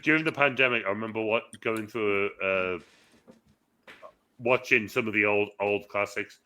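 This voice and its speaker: A man's voice: on the low side, bright, forceful tone. A man co-hosting a casual film review chat, rambling, swearing and drifting into silly voices. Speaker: podcast co-host, film reviewer.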